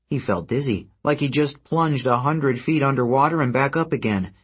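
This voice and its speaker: A man narrating a fantasy adventure story in a steady, even storytelling manner. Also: medium pitch, moderate pace, breathy edge. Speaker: audiobook narrator. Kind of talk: scripted narration.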